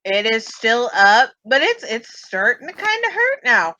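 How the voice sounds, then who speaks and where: A woman running a tabletop role-playing game as game master, giving calm, matter-of-fact rulings. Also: fairly high pitch, measured pace, dry recording, low-quality recording.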